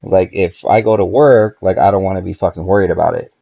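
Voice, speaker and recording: A man with a gravelly, fairly low voice tells a story as a podcast guest, cursing freely and rambling through lots of "like"s. The audio is dull and lo-fi, like a basic podcast setup. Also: fast talker, warm tone. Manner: profane, laid-back, rambling with many "like"s. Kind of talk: casual storytelling chat.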